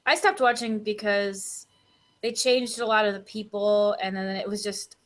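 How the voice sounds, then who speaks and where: A woman's voice: medium pitch, fairly even intonation, normal speed. A woman chatting casually in a group, rambling with lots of "like" and "um". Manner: chatty, filler-heavy, full of "like".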